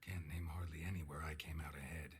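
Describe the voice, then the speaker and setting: An actor playing a gruff, weary middle-aged monster hunter in a video game, speaking in terse, dry, understated lines. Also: male voice, rumbling low, steady tone, fast talker, heavily acted.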